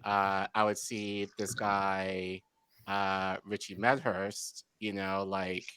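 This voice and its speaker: A man in his forties, a guest on a casual video-call panel, talking in a relaxed, hesitant way with many fillers. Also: sits low, takes it slowly, clear, resonant tone. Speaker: guest, preschool teacher.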